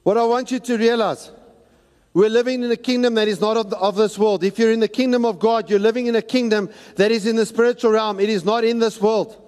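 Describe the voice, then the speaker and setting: High-voiced preacher in a reverberant hall. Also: male voice, fairly quick. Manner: animated, shouting out and acting out voices as he preaches. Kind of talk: sermon. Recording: long reverb of a large hall.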